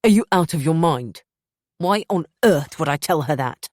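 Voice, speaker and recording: A woman's voice: extremely low pitch, measured pace, mellow, no room sound, clean studio sound, exaggerated voice. A woman voicing an angry, controlling young husband who accuses and raises his voice. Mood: furious.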